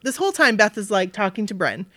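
Here a woman from Maine, USA, speaks at a quick pace in a mid-range voice, and the recording is dry. Telling a casual story, she gets animated, voices the people she quotes, and leans heavily on "like".

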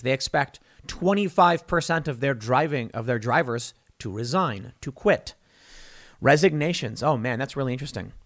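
A man with a slightly high, fairly bright voice hosts a solo political commentary show. He talks conversationally and opinionatedly, leaning on emphatic stresses and often restarting his sentences.

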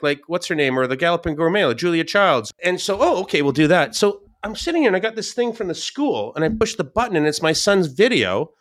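A man, a podcast guest, telling stories in a lively casual way, often laughing and repeating words. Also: high voice, fast talker, hardly any pauses. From Scottish-English family. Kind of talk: casual storytelling.

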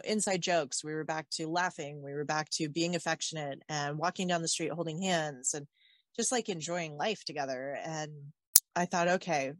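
A woman's voice: low voice, dry recording. A woman telling a personal story as an interview guest, candid and wry, with many fillers.

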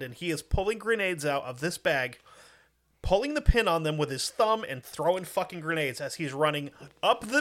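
A man's voice: fairly high pitch, pushed and bright. A man telling a war story in a casual podcast chat, profane and emphatic.

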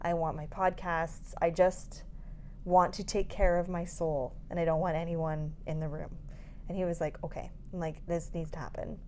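A woman in her thirties shares an exhausting story in casual podcast chat. She laughs through it, swears freely and acts out her own quotes with big pitch jumps. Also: flat delivery, normal speed, a little mellow, slight background noise.

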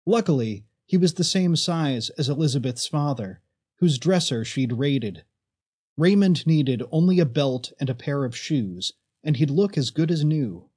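A man reads a story aloud at a slow, deliberate pace. His pitch moves widely and expressively, sitting a little high for a man. The voice has a husky edge. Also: lively intonation, darkish tone. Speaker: narrator. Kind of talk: audiobook narration.

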